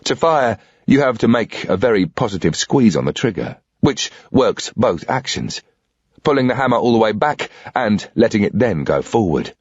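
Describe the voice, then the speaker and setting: Husky man narrating a thriller. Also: lowish voice, very animated, moderate pace, dry recording. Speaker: audiobook reader. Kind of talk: scripted audiobook narration of a thriller. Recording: dry, dull lo-fi audio.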